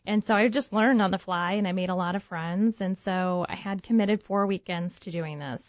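A woman's voice: fairly low pitch, normal speed, hardly any pauses, no echo. A woman guest in an interview telling a personal story and acting out what she thought and said back then. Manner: lively storyteller who acts out her own past thoughts. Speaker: guest, home baker turned business owner. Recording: dull, muffled lo-fi sound, dry.

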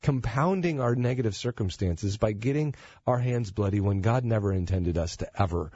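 A man talking as a guest on a Christian talk show, earnest and quick to laugh, later leading a prayer. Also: fairly low pitch, breathy edge, dry recording, highs cut off. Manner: animated, laughs easily, earnest when praying.

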